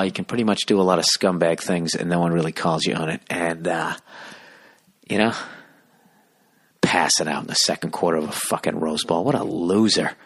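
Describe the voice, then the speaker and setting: A man hosting a podcast, rambling through a comedic monologue in a hushed, half-whispered voice with constant swearing. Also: deep voice, breathy edge. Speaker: podcast host.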